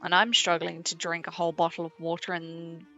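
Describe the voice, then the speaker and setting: A woman's voice: on the low side, completely flat delivery, brisk, bright, forceful tone. A young British woman streaming a puzzle game, chatting casually, swearing freely and laughing along with her chat. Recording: slightly dull sound with faint game music.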